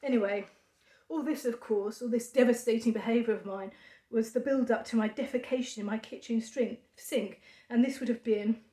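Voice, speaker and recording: A woman talking to camera in a halting monologue of dry sarcasm, full of fillers. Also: a little high, fairly even intonation, warm tone. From United Kingdom. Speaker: vlogger. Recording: echoey room.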